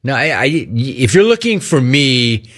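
Ranting on his call-in radio show a little slowly, a middle-aged sports host moves lively all across his vocal range. He mimics cheerful greetings in a high, mocking voice.

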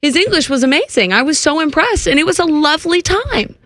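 Woman, sports reporter, animated storyteller, fairly high voice, dry studio sound. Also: a little fast, no room sound. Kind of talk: casual radio chat, storytelling.

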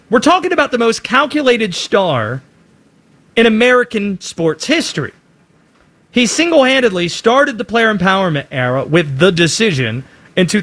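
A man's voice: sits high, a bit bright. A man giving emphatic, opinionated sports commentary.

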